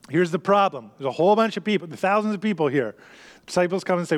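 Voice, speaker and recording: A man's voice: high-pitched, animated, brisk. A man preaching a sermon, explaining scripture in an earnest, emphatic way and repeating key phrases. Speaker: pastor.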